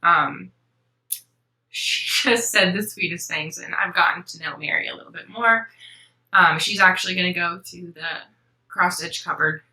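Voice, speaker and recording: A woman's voice: on the low side, normal speed, pushed and bright, reverberant, low-quality recording. A young woman hosting a cross-stitch vlog, chatting to camera in a sentimental, rambling way with many ums. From Florida. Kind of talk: casual chat to camera.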